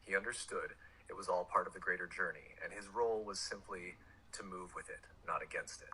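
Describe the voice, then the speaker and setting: A man explaining spiritual ideas in a smooth, measured, even way. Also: low-pitched, slight background noise, rough recording.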